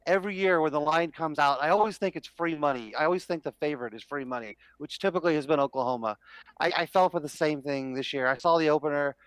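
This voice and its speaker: A man co-hosting a sports betting show on a headset mic, relaxed, explaining his tips with many pauses. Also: a little high, clean tone, dry recording, poor audio. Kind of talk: casual sports talk.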